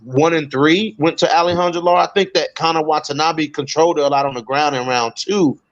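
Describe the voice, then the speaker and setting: A man's voice: fairly high pitch, steady tone, a little fast, lo-fi sound. A man co-hosting a casual podcast about fights, easygoing and slangy, who often repeats himself. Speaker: co-host.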